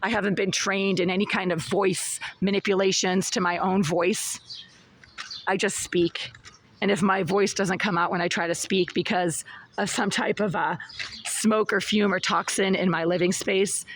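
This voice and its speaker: A hoarse woman with a raspy, cracking voice, insistently complaining in a self-filmed video from her small apartment. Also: mid-range voice, little pitch movement, normal speed, a little hiss or hum. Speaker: tenant filming a complaint video. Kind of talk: agitated self-filmed vlog. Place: small apartment, near a window.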